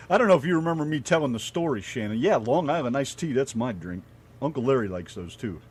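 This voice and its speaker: A man's voice: mid-range voice, animated, quick pace, darkish tone, breathy edge. A middle-aged American man co-hosting a radio show, telling rambling stories and swearing casually. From United States.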